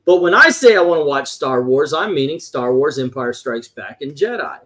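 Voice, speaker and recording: Casual co-host, male, higher-pitched, animated and loose-mouthed. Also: normal speed. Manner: animated, swears casually, reads movie quotes aloud. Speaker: podcast co-host. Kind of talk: casual chat about classic films.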